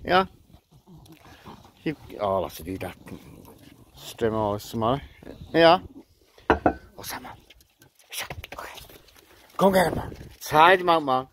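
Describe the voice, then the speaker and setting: A man's voice: medium pitch, very animated, a little slow, long pauses. A man coaxing and chatting to animals as he feeds them outdoors at night, in casual running commentary. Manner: gentle, coaxing talk to animals. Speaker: vlogger feeding animals. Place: outdoors at night in a windy garden. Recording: noisy outdoor recording with wind.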